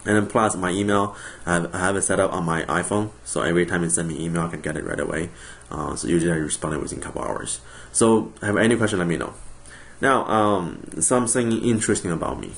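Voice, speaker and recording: A man's voice: deep voice, fast, creaky, a bit bright. A young man from China, introducing himself to his class in a recorded video in a friendly, joking way with frequent ums. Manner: friendly, jokey, frequent ums and self-corrections. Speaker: college instructor.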